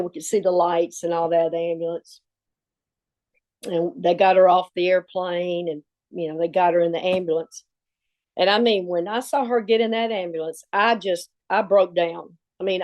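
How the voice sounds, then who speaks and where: A woman, a longtime assistant telling a story in an interview, acting out the dialogue and laughing as she goes. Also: on the low side. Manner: animated retelling with quoted dialogue and laughs.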